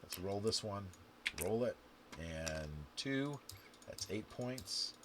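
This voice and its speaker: Male game instructor, low and animated, counting scores to camera; noisy track with clicks. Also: slow. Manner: counts scores aloud and talks to the viewer, with sudden loud outbursts. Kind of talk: playing and explaining a dice game to camera. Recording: steady background noise with clicks and typing.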